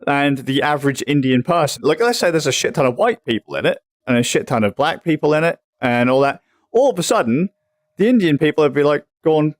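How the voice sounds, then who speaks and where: A man's voice: a little high, big pitch swings, a little fast, dry recording. A young man from England ranting in casual chat on a livestream, swearing freely and rambling. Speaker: livestream host.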